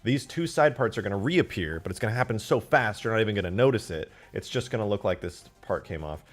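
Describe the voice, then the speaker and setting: A man commentating his game modding on a live stream, excitable and foul-mouthed, swinging into loud outbursts. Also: lowish voice, quick pace, soft background music. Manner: excitable, swears a lot, flares into loud outbursts.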